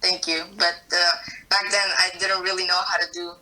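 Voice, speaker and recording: A man's voice: high voice, little pitch movement, moderate pace, bright, forceful tone, low-quality recording. A young man answering as an interview guest over a video call, giving short, hesitant answers. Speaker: guest ventriloquist.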